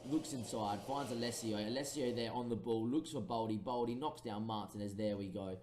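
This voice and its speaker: A young man commentating live on a football management game, lively play-by-play with excited bursts and pleading. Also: mid-range voice, fairly quick, echoey room. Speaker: gaming commentator.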